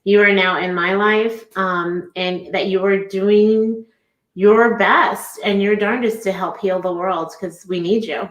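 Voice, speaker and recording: A woman's voice: mid-range voice, steady tone, slow pace. Upbeat woman guest, roomy sound. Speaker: guest author. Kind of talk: casual podcast chat. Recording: roomy echo.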